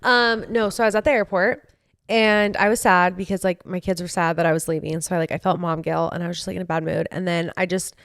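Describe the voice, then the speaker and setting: A woman's voice: on the low side, fairly even intonation, fast talker, a bit bright, dry recording, clean studio sound. A young adult woman, co-host of a podcast, telling a story in casual chat, full of fillers like "like". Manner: chatty storytelling with lots of "like".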